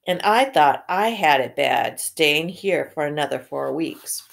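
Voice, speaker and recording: A polite young boy wizard speaks with hushed urgency, as a woman reading a storybook aloud puts him on. The delivery is slow and clearly read from the page. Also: sits low, expressive, voice pushed down, full character voice. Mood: urgent.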